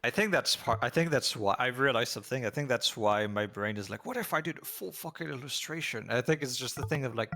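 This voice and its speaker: A man talking casually, musing out loud about his own habits and readily agreeing with the others. His pitch is average, and faint music plays behind him throughout. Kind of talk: casual chat.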